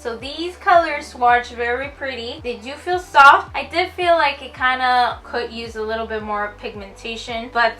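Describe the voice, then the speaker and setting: A woman's voice: on the high side, normal speed, hardly any pauses, pushed and bright. A woman beauty vlogger chatting casually through a product unboxing, gushing and giggling as she goes.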